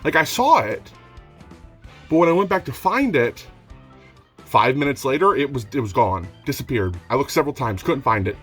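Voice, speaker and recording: A young man talking casually in a home vlog, rambling and self-mocking, getting excitable as he shows off his finds. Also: mid-range voice, normal speed, faint music behind. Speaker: DVD collector vlogger. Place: home room.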